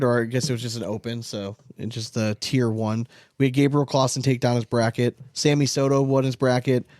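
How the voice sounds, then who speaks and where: A man's voice: medium pitch, darkish tone, no echo, studio quality. A man co-hosting a podcast in a laid-back, chatty way, laughing often. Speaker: podcast co-host. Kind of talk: casual chat.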